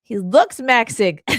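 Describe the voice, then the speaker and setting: A woman's voice: fairly high pitch, breathy edge, dry recording, studio quality. A woman hosting a livestream in a casual, rambling way, full of "like" and earnest asides, reading viewer comments between stories. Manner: rambling and chatty, heavy use of "like". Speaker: livestream host.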